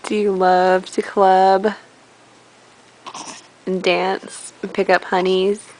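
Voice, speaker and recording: A slow, low, teasing party dude with a laid-back, flirty manner, as a woman puts him on. The voice drops well below her own, drawled out in an easy, mellow way. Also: little pitch movement, poor audio.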